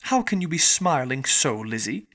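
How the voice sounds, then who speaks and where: A man's voice: mid-range voice, big pitch swings, normal speed, sharp tone. A male narrator voicing distraught teenage girls who cry out in despair. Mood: wailing.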